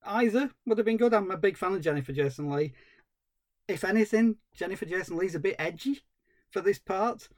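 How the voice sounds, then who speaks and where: A man co-hosting a podcast, giving an animated, exasperated film review with dry humour. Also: on the high side, dry recording. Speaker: podcast co-host. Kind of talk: casual film review chat.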